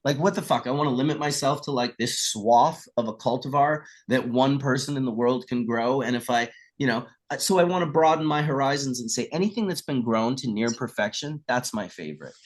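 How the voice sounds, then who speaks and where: A man's voice: mid-range voice, brisk, hardly any pauses. A middle-aged man chatting as a guest, telling stories casually and acting out the voices of the people in them, with the odd swear word. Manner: animated storyteller who acts out quoted voices and swears casually. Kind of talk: casual storytelling chat.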